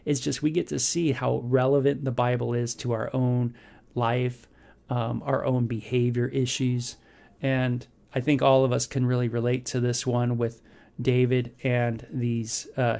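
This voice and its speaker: A man hosting a casual devotional, talking through a Bible passage in a rambling, conversational way with lots of fillers and sudden animated bursts. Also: mid-range voice. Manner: bursts into animated quoted voices. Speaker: devotional host.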